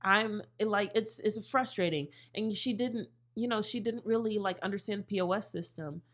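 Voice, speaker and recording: A woman's voice: mid-range voice, normal speed, fairly bright tone. A young woman co-hosting a casual podcast chat, candid and chatty, swearing freely. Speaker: podcast co-host, bartender.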